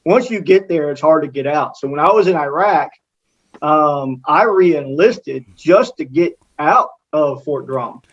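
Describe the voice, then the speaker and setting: A man's voice: a little high, lively intonation, measured pace, lo-fi sound. A man from Texas, a podcast guest, talking loosely with many fillers and frequent laughter. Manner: rambling, heavy on fillers, laughs often. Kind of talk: casual chat.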